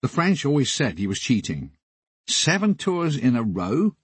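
A man reads his memoir aloud with a husky edge to his voice. His delivery is wry and deadpan, and his pitch rises and falls freely, giving the lines a lively, storytelling lilt. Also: unhurried, dry recording. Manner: wry, deadpan comic asides. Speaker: memoir narrator. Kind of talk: audiobook memoir narration.

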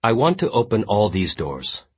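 A nervous, wistful young man in a spoken audiobook, as a deep-voiced male narrator puts him on, raised and unsure. The tone is husky and a little breathy. He sounds doubtful and hesitant. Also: very animated, moderate pace.

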